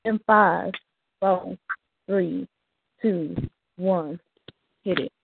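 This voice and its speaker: A man's voice: sits high, very slow, vocal fry. A man hosting an online rap battle, talking in hyped, casual slang. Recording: tinny phone-like line with faint noise.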